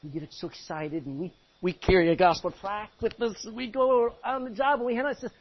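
Male pastor, animated sermon delivery, high and husky voice, lo-fi recording. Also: brisk, hardly any pauses. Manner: animated, exhorting, rhetorical questions. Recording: muffled lo-fi recording.

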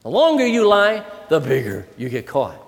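A man preaching a sermon to children, animated and asking them questions. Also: fairly high pitch, normal speed, creaky. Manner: animated, asks the audience questions. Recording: long hall reverb.

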